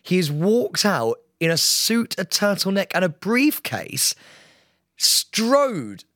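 A man's voice: high voice, takes it slowly, no echo, studio quality. A man co-hosting a podcast, telling a story in casual chat, swearing freely and acting out what other people said. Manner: animated, swears freely, acts out others' voices. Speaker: podcast co-host.

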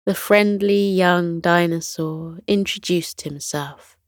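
Woman, bedtime storyteller, very slow, soothing, lowish voice, dry close sound. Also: no echo. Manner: gentle and unhurried, dropping to a whisper in hushed moments.

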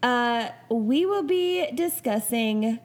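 Slow, unhurried woman introducing a podcast. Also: on the high side, lively intonation. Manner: unhurried, filler-heavy, laughing. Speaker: podcast co-host. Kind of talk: casual chat, introducing the show.

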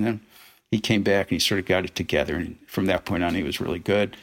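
A man's voice: deep voice, fast talker. A man, a film director, telling anecdotes as a guest in a casual interview. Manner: animated anecdotes with acted-out quotes.

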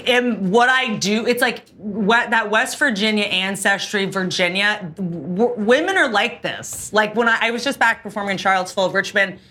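A woman comedian as a guest in casual banter, riffing fast and rambling with lots of fillers. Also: medium pitch, pushed and bright.

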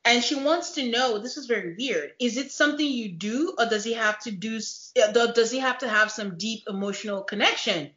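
A woman hosting a casual recap chat, animated and laughing often as she retells scenes. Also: fairly high pitch, brisk, hardly any pauses. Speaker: podcast host. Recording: dull lo-fi echoey room.

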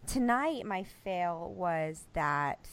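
A woman in her thirties co-hosting a casual chat with friends, an animated storyteller who swears freely. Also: on the low side, extremely slow, heavy background noise. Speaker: podcast co-host.

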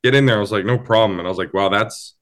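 A young man, a guest who is a new father and comedian, chatting casually and telling animated stories with plenty of swearing. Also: lowish voice, very fast. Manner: animated storytelling, swears freely. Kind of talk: casual podcast chat.

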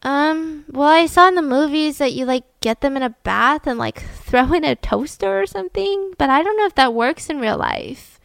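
A woman's voice: very animated, normal speed, gravelly, a bit bright, no echo, studio quality, exaggerated voice. A woman doing a scared, confused teen girl. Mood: unsure. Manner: high, pleading, disbelieving. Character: frightened, confused fourteen-year-old girl.

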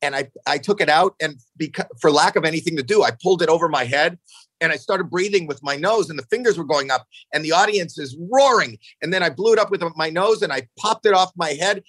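A man in his sixties telling stories casually on a podcast, animated, jumping into acted-out quotes, swearing freely, often restarting his sentences. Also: fast, breathy edge, no room sound, low-quality recording. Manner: animated, acts out quotes with jumps in pitch. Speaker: podcast guest. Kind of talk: casual storytelling chat.

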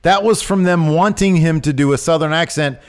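A man co-hosting a casual wrestling news podcast, talking with animated and outraged emphasis. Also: a little high, a little fast, clear, resonant tone. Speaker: podcast co-host.

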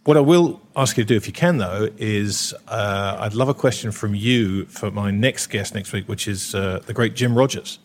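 A man's voice: fairly low pitch, moderate pace, few pauses. A man hosting a podcast interview, upbeat and jokey as he moves between questions. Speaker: podcast host. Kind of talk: casual interview chat.

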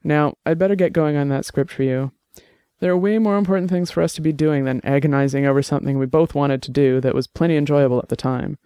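A man's voice: on the high side, fairly even intonation, fast, dark tone, clear, resonant tone, no echo, studio quality, lightly acted. A man voicing a sly, forgiving middle-aged woman in an audiobook drama, with a teasing, earnest manner.

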